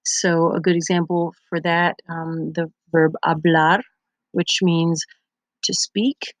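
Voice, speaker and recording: A woman's voice: fairly low pitch, level tone, slow, no room sound. A Spanish teacher, a young woman, patiently explaining grammar step by step over her slides in a recorded lesson. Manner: patient, methodical explaining with examples.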